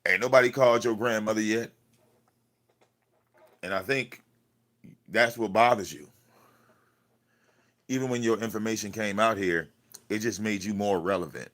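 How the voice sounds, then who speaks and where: A man with a fairly low voice hosts a livestream from a cluttered room at home. He rants at someone in a confrontational, profane way and often repeats his words. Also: normal speed, long pauses, fairly bright tone. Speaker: livestream host. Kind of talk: ranting livestream talk.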